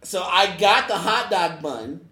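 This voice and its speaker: A man's voice: high-pitched, lively intonation, unhurried, sharp tone, reverberant. Laughing man telling a story. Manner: laughs through his telling, loose casual speech. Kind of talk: casual anecdote.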